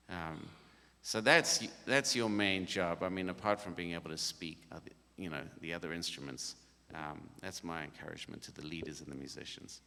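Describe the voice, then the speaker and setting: A man's voice: low voice, normal speed, creaky, sharp tone. A middle-aged man leading a worship band workshop, talking casually and jokily with frequent laughter. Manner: easygoing and jokey, with frequent laughs. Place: conference hall. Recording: reverberant hall.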